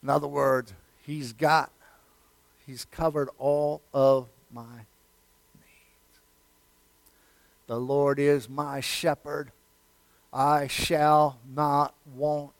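A male pastor delivers a sermon, alternating between loud, emphatic declarations and hushed near-whispers while repeating phrases and addressing listeners as "friend." His voice is fairly high with little pitch movement, and he speaks very slowly with frequent pauses. There is no room sound.

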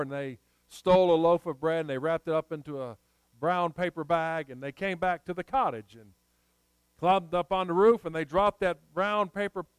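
A man's voice: high-pitched, smooth, dry recording, poor audio. A middle-aged man preaching a sermon as a pastor, telling a folksy story, reading scripture and praying earnestly.

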